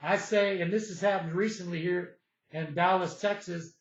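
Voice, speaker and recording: Man, high-pitched, rambling storyteller, lots of uh's and restarts, roomy echo. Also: steady tone, moderate pace, highs cut off. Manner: meandering, repeats himself with fillers and restarts. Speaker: storyteller recounting personal experiences. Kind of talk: rambling personal monologue.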